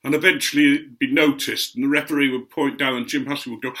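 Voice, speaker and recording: Bright-voiced older man telling stories. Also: medium pitch, level tone, fast, hardly any pauses. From Otley, Yorkshire, England. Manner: chatty and meandering, with gentle asides. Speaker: guest speaker recounting memories. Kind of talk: anecdotal storytelling.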